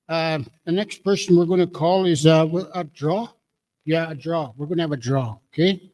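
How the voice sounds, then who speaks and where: A man emceeing a community meeting, calling out draw numbers slowly with jokes. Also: a little high. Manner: jokey, drawn-out number calling.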